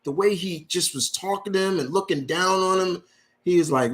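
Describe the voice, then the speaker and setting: A man with a high-sitting, fairly bright voice hosts a live question-and-answer stream at normal speed. In an unscripted, heated, and profane rant, he repeats himself for emphasis and reads viewer questions aloud.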